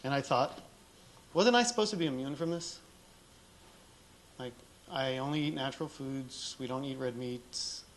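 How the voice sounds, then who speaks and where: A man's voice: medium pitch, normal speed, long pauses, a little hiss or hum. A middle-aged man speaking on a conference stage, telling a candid personal story in a casual way and acting out the dialogue he quotes.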